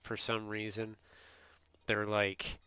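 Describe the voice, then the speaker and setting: A man's voice: on the low side, completely flat delivery, takes it slowly, bright, forceful tone, clear, resonant tone, no room sound. A man from the United States, a streamer rambling in casual chat and answering his viewers. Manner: rambling, chatty storytelling, reads and answers chat.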